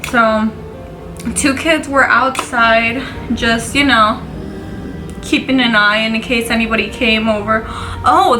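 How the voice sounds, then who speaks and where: A woman's voice: fairly high pitch, sharp tone, low-quality recording. A young woman, candidly retelling a painful personal story in a profane, emotional vlog. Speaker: vlogger.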